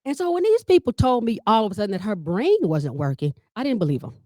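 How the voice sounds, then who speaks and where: Woman comedian, mid-pitched, animated storyteller who works the room; dry, close recording. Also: fast talker, no echo. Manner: lively storyteller who addresses the audience directly; acts out quoted dialogue with big pitch jumps. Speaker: comedian and family caregiver leading a workshop.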